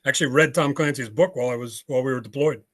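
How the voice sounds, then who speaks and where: A man's voice: medium pitch, rapid-fire, fairly bright tone. An older American man, a podcast guest on a video call, telling his story bluntly with frequent fillers. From United States. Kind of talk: storytelling interview.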